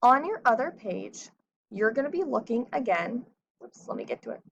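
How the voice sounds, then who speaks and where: A woman's voice: on the high side, huge pitch swings, normal speed, creaky, slightly rough, no room sound. A woman teacher giving a patient phonics lesson to children, sounding out words carefully. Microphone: screen recording. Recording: dull lo-fi audio.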